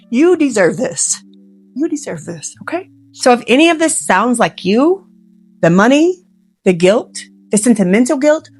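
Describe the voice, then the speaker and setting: A woman, a professional organizer, giving earnest, emotional and gently reassuring advice straight to the viewer. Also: on the high side. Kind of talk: heartfelt direct-to-camera advice.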